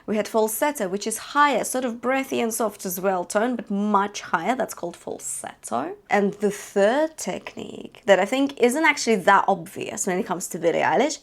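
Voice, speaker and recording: A woman's voice: medium pitch, animated, normal speed, gravelly, hardly any pauses. A woman giving an online singing lesson. She explains techniques and breaks into short sung demonstrations, often checking in with a questioning "yeah?". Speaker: singing teacher.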